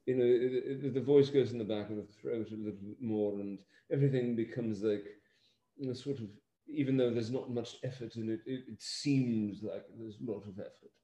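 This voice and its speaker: An American man, an actor, chatting in an interview in a halting, rambling way with lots of fillers and dry humor. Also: mid-range voice, steady tone, mellow, echoey room. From United States. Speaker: actor interviewed about a film. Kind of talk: casual interview chat.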